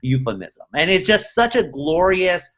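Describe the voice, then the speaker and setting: Middle-aged man, a columnist guest; lively, salty raconteur with a slightly high voice. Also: moderate pace. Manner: animated, profane storyteller. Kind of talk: casual interview conversation.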